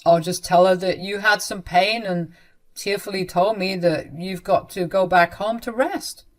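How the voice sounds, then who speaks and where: A woman voicing a dismissive young man who speaks in a flat, curt, matter-of-fact way. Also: medium pitch, unhurried, close to an everyday voice. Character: cold adult son, a young man, dismissive.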